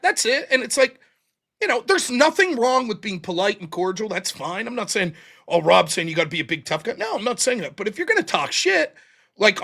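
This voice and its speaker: A man's voice: high-pitched, pushed and bright. A man hosting a livestream, ranting casually with profanity and mocking impressions of others. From United States. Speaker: host. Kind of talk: casual livestream debate chat.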